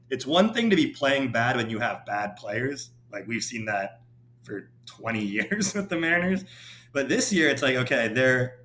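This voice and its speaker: A man's voice: medium pitch, a little hiss or hum. Easygoing man rambling about baseball. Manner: relaxed, rambling, heavy use of "like". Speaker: podcast guest, baseball writer. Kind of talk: casual podcast chat.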